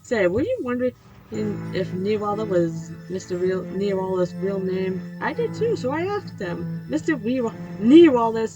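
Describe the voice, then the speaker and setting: A woman reading a spooky children's storybook aloud, animated, teasing her young viewers between pages. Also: mid-range voice, a little slow, highs cut off. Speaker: channel host reading aloud. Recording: music playing behind.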